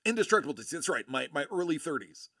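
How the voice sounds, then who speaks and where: Forties guy from buffalo hosting a live show, bright voice, dry close sound, rambly. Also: fairly high pitch, fast, no room sound. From Buffalo, New York. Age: 40s. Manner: rambling, animated storytelling with fillers and restarts. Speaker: host of a collectibles live show. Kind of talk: casual live-stream chat.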